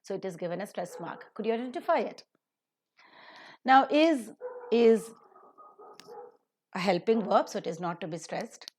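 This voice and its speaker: Lady teaching pronunciation, slows way down on example sentences, stresses them hard, middle pitch. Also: lively intonation, darkish tone, a little hiss or hum. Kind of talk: recorded lecture.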